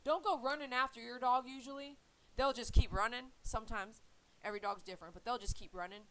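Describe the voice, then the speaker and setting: A woman's voice: a little high, fairly even intonation, fairly quick, a bit bright, low-quality recording. A woman who grooms dogs, talking casually and earnestly to her viewers about faith, rambling and repeating herself. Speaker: dog groomer and channel host.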